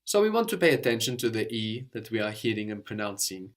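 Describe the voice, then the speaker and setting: A man teaching a language lesson, explaining patiently step by step and often checking with a quick "no?". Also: lowish voice, very animated.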